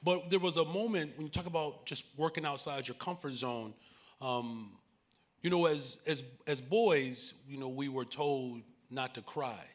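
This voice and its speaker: A man's voice: medium pitch, a little slow. A man in his forties with a Chicago accent talks from a conference stage. His voice sits in a middle register, and he moves between earnest, preacherly points and easy asides to the audience. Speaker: mayor speaking on a panel. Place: conference main stage before a live audience.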